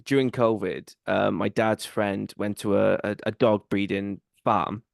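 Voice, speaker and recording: A man's voice: on the low side, steady tone, measured pace, creaky, dry recording, clean studio sound. A male podcast host, telling a rambling story in a casual chat, full of fillers.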